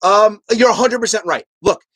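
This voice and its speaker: A live stream host giving heated commentary, arguing emphatically with chat and rising to near shouts. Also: mid-range voice, moderate pace, breathy edge, dry recording. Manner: animated ranting, emphatic and repetitive.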